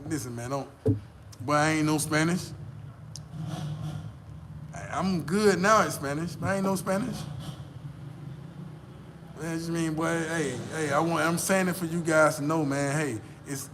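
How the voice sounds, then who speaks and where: An American man vlogging, telling a boastful, profane story in a casual, animated way. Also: a little high, moderate pace, long pauses, noisy background.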